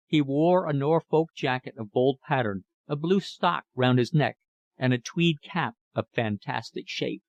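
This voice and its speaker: A man narrating a classic novel as an audiobook, in a measured, even storytelling manner. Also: medium pitch, dry recording.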